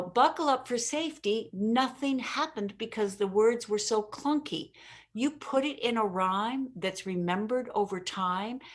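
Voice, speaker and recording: Energetic, emphatic woman telling stories. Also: mid-range voice. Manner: energetic, emphatic storyteller who laughs at her own jokes. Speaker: interview guest, communication expert. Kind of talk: conversational interview.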